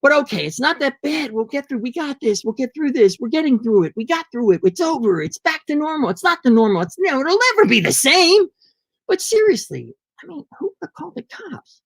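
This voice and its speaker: A man's voice: very high voice, sing-song, brisk, vocal fry, fairly bright tone, no echo. A man performing an agitated, profane comic rant alone at home into his laptop on a video call. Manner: agitated, profane, ranting to the camera. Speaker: monologue performer.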